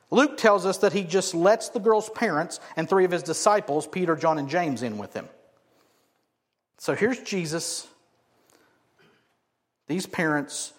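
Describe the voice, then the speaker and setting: A man preaching a sermon, acting out quotes loudly and then dropping to quiet asides. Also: on the high side. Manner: animated, swings from loud acted-out quotes to quiet asides. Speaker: pastor.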